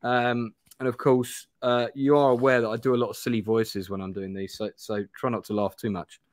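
A man's voice: mid-range voice, level tone, fairly quick, dry recording, studio quality. Chatty man reading a gamebook aloud. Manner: chatty, rambling, self-deprecating. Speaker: host reading a gamebook live. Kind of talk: live-stream play-through narration and chat.

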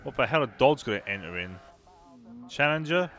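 A man casually commentating on a racing game he is playing, chatty and sarcastic, reacting out loud to the race. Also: medium pitch, animated, moderate pace, slight background noise. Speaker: gaming YouTuber.

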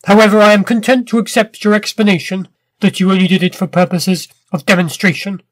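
A man's voice: sits high, steady tone, a little fast, no echo. A man playing a stern, commanding old professor. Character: irascible, powerful older male professor.

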